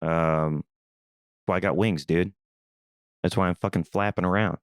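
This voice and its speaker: A young man from Missouri hosting a podcast, telling a rambling, animated story in a casual, swearing manner. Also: low-pitched, unhurried, clean tone, dry recording, clean studio sound. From Missouri, USA. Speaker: podcast host.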